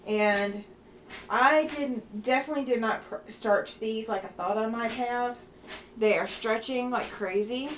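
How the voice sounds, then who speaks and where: A woman hosting a relaxed livestream, chatting casually with viewers and reading their comments while she works on a quilting project. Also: a little high, measured pace, a little hiss or hum. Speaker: livestream host.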